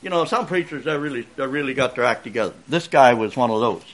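A man's voice: mid-range voice, expressive, fast, a bit bright. A man closing a church service by telling the children a chatty, folksy story and asking the congregation questions.

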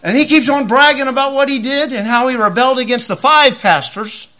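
A man's voice: very high voice, a little fast, faint music behind. A middle-aged man preaching a sermon, telling stories and acting out the voices of the people in them. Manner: animated, acts out voices in his stories. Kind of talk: sermon with storytelling.

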